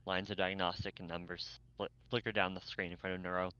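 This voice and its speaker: A man's voice: deep voice, level tone, fast talker, pushed and bright. A man reading fanfiction aloud, stumbling and restarting words as he goes. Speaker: fanfic reader. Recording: dull lo-fi mic, dry.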